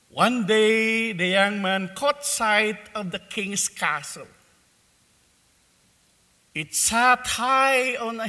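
A man preaching a sermon, telling a parable in a slow, deliberate way in a church. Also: sits high, pushed and bright, big-room sound.

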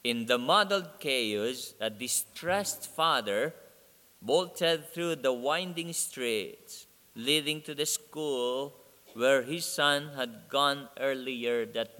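A man preaching a sermon, telling a story slowly and deliberately. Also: mid-range voice, bright, forceful tone. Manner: slow, deliberate storytelling delivery. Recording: long reverb of a large hall.

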